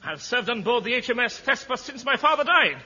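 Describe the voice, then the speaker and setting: An actor playing a pompous, bumbling old navy admiral who sputters and repeats himself in a 1950s radio comedy. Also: male voice, very high voice, lively intonation, brisk, big-room sound. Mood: indignant. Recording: dull old radio recording, loud audience laughter and hiss.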